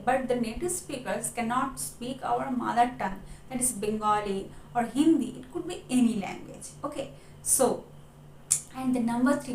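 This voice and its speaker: A woman's voice: on the high side, a little mellow, slight background noise. A woman from India with an Indian accent, giving an earnest motivational English lesson and often adding "okay" and "my dear friends". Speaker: English-speaking coach. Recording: echoey room with faint ambience.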